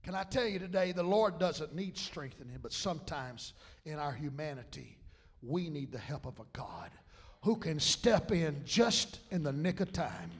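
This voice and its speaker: Male pastor preaching, pitched high, building to loud rises. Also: expressive, moderate pace, breathy edge. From South Louisiana. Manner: preaching with loud rises and fillers like amen and hallelujah. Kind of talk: sermon.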